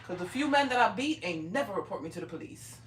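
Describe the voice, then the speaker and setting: A woman's voice: mid-range voice, lively intonation, fast talker, recorded from a distance, noisy background. A middle-aged woman hosting a craft livestream from her home craft room, talking in a brash, profane, bossy teasing way. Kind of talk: casual livestream chat while crafting. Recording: roomy echo, speaking away from mic.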